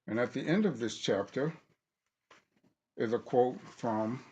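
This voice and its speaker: A man reading aloud from a book he wrote, deliberate and halting, stopping to correct himself. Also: mid-range voice, a little mellow, breathy edge, lo-fi sound. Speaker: author reading his own book.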